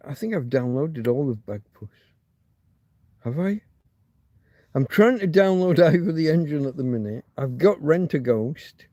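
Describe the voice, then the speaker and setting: A man's voice: mid-range voice, lively intonation, a little slow, dark tone, dry recording. A man hosting a loose livestream, thinking aloud and muttering asides as he reads viewers' chat. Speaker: livestream host. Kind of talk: rambling live chat with viewers.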